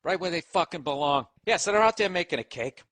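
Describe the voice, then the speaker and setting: On his podcast, recorded in a home office, this Boston-accented comedian goes on a sarcastic, rambling rant, cursing a lot and addressing his dog. He talks quickly in a fairly high, animated voice that's a bit bright.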